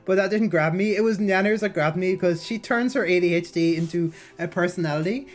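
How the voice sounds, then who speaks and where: A woman's voice: on the low side, brisk, soft background music. A woman streaming, chatting and reading aloud with a slightly nasal voice and a sore throat, rambling through fillers and restarts. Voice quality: somewhat nasal. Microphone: basic mic, no headset.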